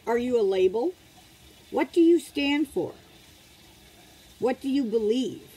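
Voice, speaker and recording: A woman's voice: fairly high pitch, lively intonation, unhurried, dark tone, breathy edge, low-quality recording. A middle-aged woman at home giving a casual motivational talk to her followers, asking rhetorical questions over and over in a preachy way. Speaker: vlogger, motivational group leader.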